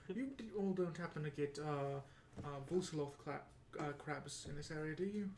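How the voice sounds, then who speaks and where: Chill guy in a tabletop game, bit high voice, echoey room with faint noise. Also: moderate pace, a little mellow. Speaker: player. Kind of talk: tabletop role-play.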